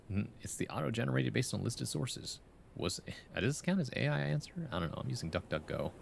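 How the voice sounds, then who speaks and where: A man's voice: fairly low pitch, gravelly, a little hiss or hum. A man streaming live, reading a viewer's poem aloud and giving playful feedback, humming rhythms and often adding "right?". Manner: playful, reads poems aloud, hums rhythms, tags questions with "right?".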